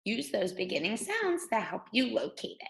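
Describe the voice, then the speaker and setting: Woman reading teacher, patient sing-song delivery, gravelly edge to a high-ish voice. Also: sing-song, moderate pace, low-quality recording. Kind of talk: guided reading lesson for young children.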